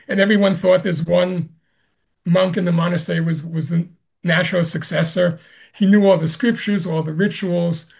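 A man, a Zen master, answering an interview question with slow, gentle storytelling and soft laughs. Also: high-pitched, vocal fry, breathy edge.

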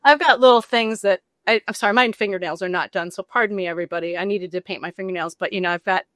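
A woman's voice: mid-range voice, fast, no room sound, studio quality. A woman author being interviewed, telling a personal story in casual chat and acting out the people she quotes. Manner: animated, acts out quoted voices, rambling.

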